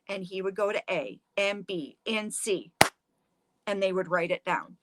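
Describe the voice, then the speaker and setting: A woman's voice: mid-range voice, takes it slowly, dry recording. A middle-aged woman, a museum director, telling a historical story with drama and acting out the quotes. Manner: animated, acts out the quotes.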